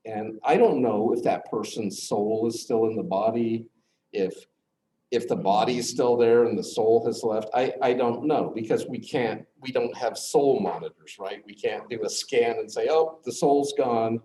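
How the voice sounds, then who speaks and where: A middle-aged man teaching a class, earnestly telling a personal story, with his voice dropping low at the hard moments. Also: moderate pace, mellow. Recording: echoey classroom, faint noise.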